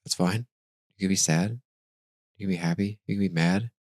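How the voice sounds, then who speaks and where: A man's voice: sits low, normal speed, no echo, studio quality. A man in his forties hosting a podcast, talking casually and reflectively, often trailing off and restarting his thoughts. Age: 40s. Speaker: podcast host.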